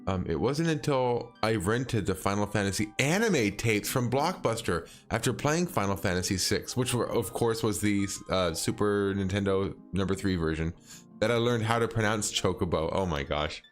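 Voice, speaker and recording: A man's voice: fairly low pitch, lively intonation, normal speed, soft background music. A man chatting casually with viewers while streaming a game, rambling and hesitant, full of fillers and restarts and frequent chuckles. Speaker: livestreaming game player. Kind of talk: casual gameplay chat with viewers.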